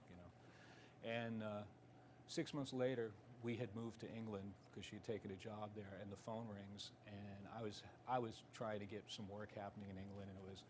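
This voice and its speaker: A middle-aged man, a guitarist, telling a rambling anecdote in an interview. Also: lowish voice. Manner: rambling, with restarts and asides. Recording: noisy ambient background.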